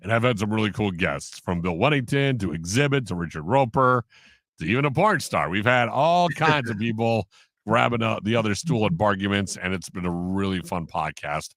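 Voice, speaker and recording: A man, a sports broadcaster on a podcast, telling stories in an animated way and acting out the quotes. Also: lowish voice, normal speed, no echo, studio quality. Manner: animated storyteller, acts out quotes, laughs often. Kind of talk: casual storytelling in an interview.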